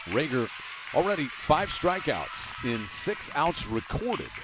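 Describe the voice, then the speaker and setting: A man calling college baseball play-by-play with a brisk delivery that rises on big plays. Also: fairly high pitch, sing-song, music in the background. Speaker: play-by-play announcer. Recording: noisy ballpark broadcast.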